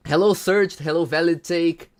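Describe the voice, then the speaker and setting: A man's voice: fairly high pitch, steady tone, normal speed. Chatty male livestreamer greeting viewers. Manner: chatty, greets viewers by name, hypes up the crowd. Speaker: livestream host. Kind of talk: casual livestream chat.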